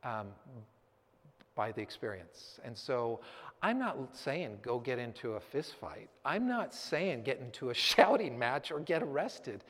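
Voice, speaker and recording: A man's voice: mid-range voice, very animated, a little slow, a bit bright. Man telling a story in an echoing hall. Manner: vivid storytelling, acting out the scene; earnest, reflective close. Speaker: speaker addressing a church audience. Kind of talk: personal story told from a stage. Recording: long hall reverb.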